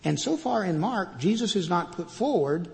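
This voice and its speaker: A man's voice: sits high, expressive, normal speed, vocal fry. Man preaching in a reverberant hall. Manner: preaching with shifts between loud scripture reading and quiet asides. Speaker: pastor. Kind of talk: sermon.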